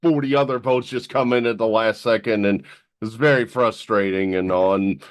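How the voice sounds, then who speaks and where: A man co-hosting a podcast, telling stories in a relaxed chatty way. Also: lowish voice, moderate pace, dry recording. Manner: storytelling, easygoing. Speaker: podcast co-host. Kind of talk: casual chat.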